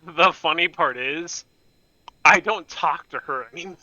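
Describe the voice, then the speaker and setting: A man's voice: a little high, measured pace, sharp tone, dry recording, muffled recording. A young man casually telling a rambling, profane, self-mocking story on his gaming channel.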